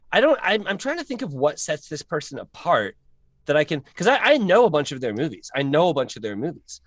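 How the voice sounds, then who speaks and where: Man, co-host, playful and lively, laughing a lot, dry close sound on a video call. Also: a little high, moderate pace, no room sound. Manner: laughs often, jokey, rambling. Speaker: co-host of a comedy game stream. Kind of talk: casual chat over a video call.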